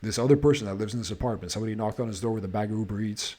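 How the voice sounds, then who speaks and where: Talking very fast in a warm, lowish voice, a man hosting a podcast tells a casual story laced with nonstop profanity. He sounds exasperated, restarting his sentences as he goes.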